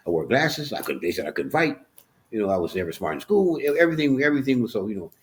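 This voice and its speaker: A podcast guest with a medium-pitched, very animated voice talks fast as he shares his personal story in an interview. He is earnest and emotional, frequently restarting sentences and repeating words.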